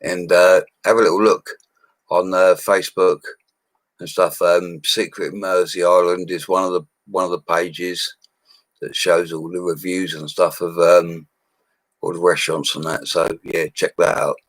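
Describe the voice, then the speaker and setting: An Englishman in his forties chats on a live stream in a rambling, slangy way. His voice sits very low. It is recorded close and dry on a mic. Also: level tone, measured pace, a bit bright, no echo, low-quality recording. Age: 40s. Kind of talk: casual live-stream chat.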